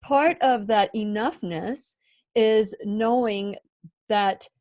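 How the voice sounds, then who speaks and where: A woman's voice: medium pitch, slow, darkish tone. A middle-aged woman hosting a radio interview, speaking earnestly and affirming her guest. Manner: earnest, affirming, with small restarts. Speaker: radio show host.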